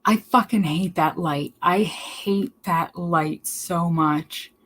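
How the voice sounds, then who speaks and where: A woman's voice: lowish voice, slow pace, a bit bright, rough recording. A woman live streaming, rambling casually to her chat in a blunt, profane way. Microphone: laptop mic.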